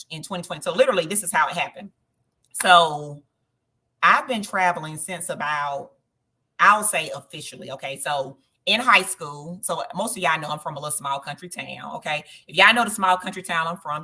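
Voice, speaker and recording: A woman with a Southern twang from Georgia hosts a casual travel livestream. Her voice sits low yet sounds bright and forceful, and she keeps checking in with her audience with "okay?" and "right?". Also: slightly rough. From Southern Georgia, USA. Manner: chatty, addresses viewers directly, frequent "okay?" tags. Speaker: host of a travel group livestream.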